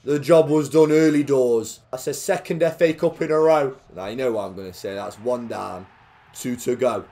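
A young man giving jokey live commentary on a football video game, dropping to quiet play-by-play and then bursting out loudly. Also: mid-range voice, normal speed. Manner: jokey, swings between quiet play-by-play and loud excited outbursts. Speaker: gaming commentator.

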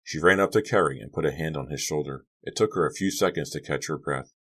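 A man's voice: rumbling low, fast talker, breathy edge. A man reading a teen horror novel aloud as an audiobook narrator, lifting his voice for the characters' lines.

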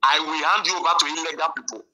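Furious guy on a call, keeps repeating himself, bright tinny sound. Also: a little high, fairly even intonation, fast. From Nigeria. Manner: angry, repetitive, accusing. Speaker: caller.

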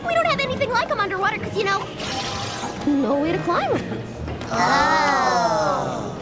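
A woman voicing an excitable young female hippogriff, gushing and bubbly. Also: very high-pitched, measured pace, over loud music, pitched above the performer's own voice, heavily acted. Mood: thrilled. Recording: echoey hall from far off.

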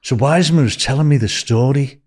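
Husky Liverpool man spinning a yarn. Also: mid-range voice, brisk. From Liverpool, England. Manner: rambling, animated anecdote-telling with restarts. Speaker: guest. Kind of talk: casual storytelling.

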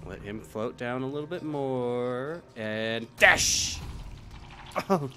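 A man streaming a game live, excitable and laughing often, swinging between loud shouts and low mutters. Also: unhurried, faint music behind. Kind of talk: live gameplay commentary.

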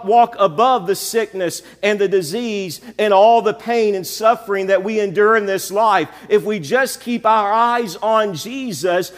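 A man preaching a sermon as pastor, building repeated phrases and asking the congregation "amen?". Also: sits high. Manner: preacherly, repetitive calls of "amen?". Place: church sanctuary. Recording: long church reverb.

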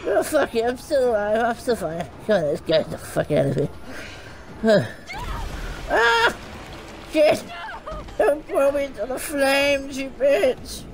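A man with a high, jumpy voice that swoops wildly up and down, cursing and yelling at the screen. He drags his words slowly between outbursts, over a noisy mix of game sounds. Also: vocal fry. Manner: constant swearing, shouting and panicked yelps. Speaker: gaming streamer. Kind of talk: gaming commentary.

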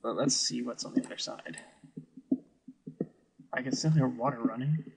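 A man's voice: mid-range voice, moderate pace, vocal fry, slightly rough, rough recording. A man giving wry, musing commentary over a video game he is playing. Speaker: let's play host. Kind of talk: gameplay commentary.

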